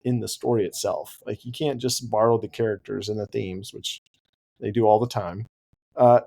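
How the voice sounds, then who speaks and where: Animated man chatting about books. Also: lowish voice, moderate pace, vocal fry. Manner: animated, laughs easily. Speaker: podcast co-host. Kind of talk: casual book discussion.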